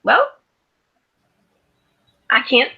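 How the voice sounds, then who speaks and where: A woman's voice: drawn-out words, highs cut off. A woman on an online group voice call, joking around and swearing casually, laughing often.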